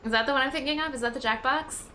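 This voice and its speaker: A woman's voice: sits high, very fast, bright, forceful tone, slight background noise. A woman streaming a game live, chatting to viewers in a bubbly way.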